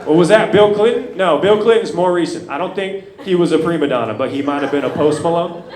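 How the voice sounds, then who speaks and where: A man of thirty doing a stand-up comedy set, swinging between loud outbursts and low muttered asides. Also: brisk. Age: 30s. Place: comedy club stage. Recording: echoey club with loud room noise.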